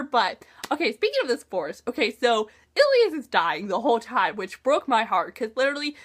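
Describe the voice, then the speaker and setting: A woman's voice: sits high, big pitch swings, moderate pace, few pauses. A young woman talking casually and emotionally about a book she read, gushing and using slang. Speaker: book reviewer. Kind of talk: casual book talk vlog.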